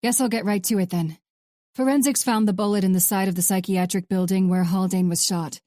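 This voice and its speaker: A woman's voice: mid-range voice, steady tone, brisk, mellow, no room sound, studio quality, natural voice. A woman voicing a chatty, wisecracking female ballistics expert. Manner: joking, chatty.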